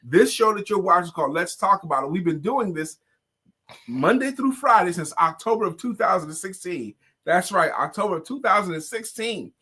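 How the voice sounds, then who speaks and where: A man co-hosting a casual talk show, energetic and upbeat. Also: sits high, brisk, breathy edge. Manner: energetic, upbeat, sings short greeting jingles.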